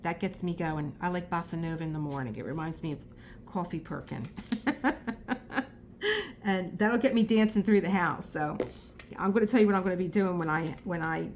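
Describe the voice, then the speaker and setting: Chatty South Philly woman, low-ish voice. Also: normal speed, a little hiss or hum. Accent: South Philadelphia. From Philadelphia, USA. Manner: rambling, chatty, laughs often. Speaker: crafting vlogger. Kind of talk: casual chat while crafting.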